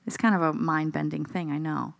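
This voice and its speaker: A woman preaching a sermon in a conversational, expressive way, asking the congregation questions and acting out the voices she quotes. She sounds a little tired. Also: low-pitched, fairly quick, creaky, no room sound.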